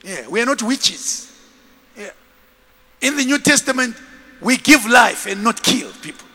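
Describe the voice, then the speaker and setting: A man preaches a sermon in a very high, bright voice, acting out the stories he tells. His pitch leaps and falls all the time. A long reverb from the hall hangs behind him. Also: a little slow. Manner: animated storytelling, acting out scenes. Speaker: bishop and preacher.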